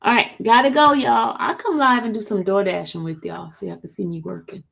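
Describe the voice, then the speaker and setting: A woman hosting a casual livestream, chatting to her viewers and calling them y'all, repeating her points loudly. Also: mid-range voice, steady tone, fairly quick, vocal fry. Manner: loud emphatic repetition. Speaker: livestream host.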